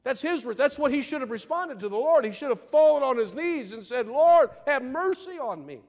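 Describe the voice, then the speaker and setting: Male pastor, high voice, sermon delivery in a long-reverb church, loud-to-hushed swings, rhetorical questions. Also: lively intonation, brisk, gravelly. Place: church sanctuary.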